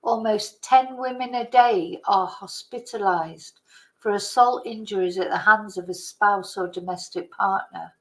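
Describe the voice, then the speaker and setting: A woman hosting her own channel, giving casual commentary and reading news articles aloud, slow and hesitant, stumbling over names. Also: mid-range voice, fairly bright tone, poor audio. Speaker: channel host.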